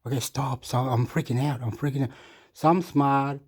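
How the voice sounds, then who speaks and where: A man ranting off the cuff as a video commentator, excitable and profane, repeating himself and often clearing his throat. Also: medium pitch, moderate pace. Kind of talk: rambling off-the-cuff rant.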